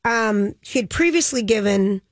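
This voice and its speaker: A woman's voice: medium pitch, expressive, normal speed, no echo. A woman co-hosting a casual chat, retelling a news story in a loose way with frequent ums and a dismissive "blah, blah.".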